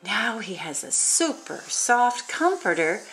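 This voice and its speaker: A woman reading a rhyming picture book aloud in a sing-song, animated way, adding exclaimed asides between verses. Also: medium pitch, slow pace. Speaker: storybook reader.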